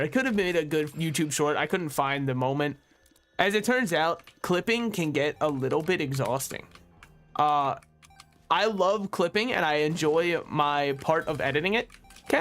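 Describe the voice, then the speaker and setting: Young man, streamer, slightly high voice, casual game commentary, self-deprecating jokes, swears a lot, faint music behind. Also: fairly bright tone.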